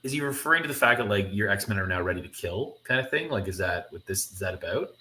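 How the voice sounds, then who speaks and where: A man's voice: fairly low pitch, expressive, pushed and bright. A man co-hosting a podcast in casual chat, often chiming in with agreement and jumping in with questions. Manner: chatty, quick to agree, jumps in with questions. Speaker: podcast co-host.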